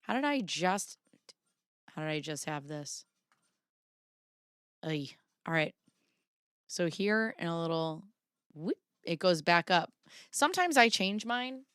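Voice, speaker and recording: Slow, smooth-voiced woman host. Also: on the low side, animated, a bit bright, dry recording, studio quality. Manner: rambling, self-interrupting, apologetic asides. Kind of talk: casual commentary.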